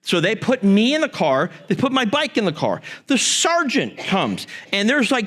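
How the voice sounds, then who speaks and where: A pastor telling a story about his boyhood, vivid, jumping up into a high voice when acting out his younger self. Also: huge pitch swings, moderate pace, few pauses, fairly bright tone. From Michigan. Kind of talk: storytelling to a congregation.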